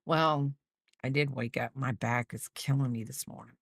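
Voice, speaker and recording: A woman's voice: a bass voice, fairly even intonation, moderate pace, breathy edge, no room sound, clean studio sound. A middle-aged woman hosting a crochet channel, chatting casually with viewers and rambling off mid-sentence. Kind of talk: casual chat while crocheting, replying to viewers.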